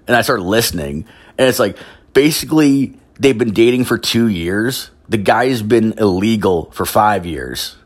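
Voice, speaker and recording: A man's voice: expressive, a little slow. Profane Canadian man ranting casually. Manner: heavy swearing, constant "like" fillers, mimics others in a higher voice. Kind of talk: profane casual storytelling rant.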